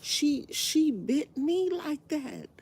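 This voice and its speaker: A woman hosting a live stream, telling a story in a casual, animated way and laughing often. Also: sits high, very slow.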